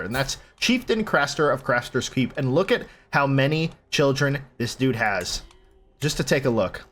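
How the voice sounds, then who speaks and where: Chatty gamer narrating role-play. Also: male voice, medium pitch, expressive, moderate pace, a bit bright. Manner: chatty, enthusiastic, reads game text aloud. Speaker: gaming channel host. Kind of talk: role-play game commentary.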